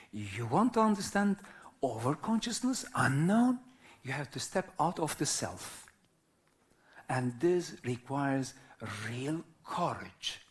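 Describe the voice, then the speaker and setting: Man, 50s, from Turkey, native Arabic speaker, philosophical live talk, very lively intonation, unhurried. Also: medium pitch. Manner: slow, philosophical, checks in with listeners; non-native English with simple grammar. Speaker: whirling dance teacher.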